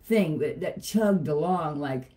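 Mellow, hoarse woman telling rambling stories. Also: low-pitched, lively intonation, slow pace. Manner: chatty, rambling storyteller, laughs easily. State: hoarse, a frog in her throat. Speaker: co-host. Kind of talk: casual chat.

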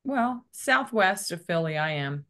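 A woman's voice: lowish voice, expressive, a little slow, a bit bright. A woman hosting a talk show, chatting in a friendly way and wrapping up with her guest. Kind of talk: casual chat.

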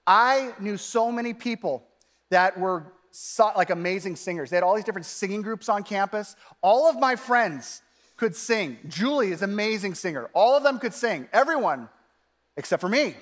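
A pastor delivers a casual, animated sermon, peppering it with "like." His voice sits high for a man. Long reverb from the church hall trails behind every phrase. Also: normal speed. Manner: conversational, animated, frequent "like" fillers.

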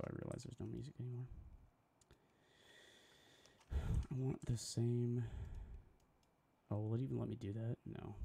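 A man's voice: mid-range voice, vocal fry, dark tone, slight background noise. A young man streaming live as he designs graphics, talking to himself in a casual, profane way and getting easily frustrated.

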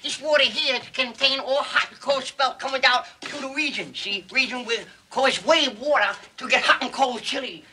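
A man's voice: very high voice, normal speed, hardly any pauses, pushed and bright, slight background noise, full character voice, poor audio. A man playing a rambling TV weatherman. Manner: rambling, muddled, folksy broadcaster patter. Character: bumbling male TV weatherman, rambling. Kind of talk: 1950s film comedy.

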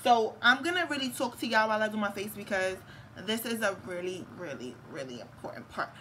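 A woman's voice: medium pitch, animated, brisk, pushed and bright, a little hiss or hum, poor audio. A young woman, chatting casually and candidly through a makeup tutorial, swearing and laughing often. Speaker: beauty vlogger. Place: room at home with a fan on.

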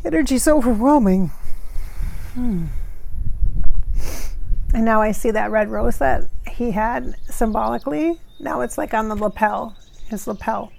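Gravelly, effusive woman medium. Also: on the high side, unhurried, long pauses, slight background noise. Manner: warm, effusive, frequent thank-yous and soft laughter. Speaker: psychic medium and channel host. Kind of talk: casual spirit-channeling session.

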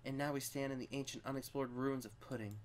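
A woman co-hosting a let's play, reading visual novel text aloud in an animated, playful way. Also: extremely low pitch, fast, a little hiss or hum.

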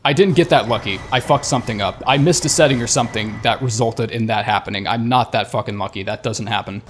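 A man's voice: medium pitch, fast, soft background music. A young man giving casual, profane commentary over a game, talking back at enemies with sarcasm and stammered restarts. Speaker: gaming YouTuber.

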